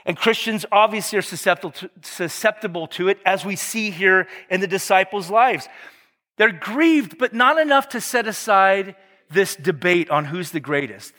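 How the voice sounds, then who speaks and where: A man preaches in a high voice, breaking off into casual jokes and correcting himself mid-sentence. His tone stays easygoing and talky rather than formal. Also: sharp tone, long reverb tail. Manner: conversational, joking asides, self-correcting. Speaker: pastor. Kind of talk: sermon.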